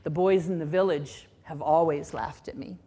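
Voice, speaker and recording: A woman's voice: low-pitched, steady tone, normal speed, dark tone, voice pushed down. A woman voicing an insecure king who feels mocked, defensive and pleading. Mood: hurt, hesitant.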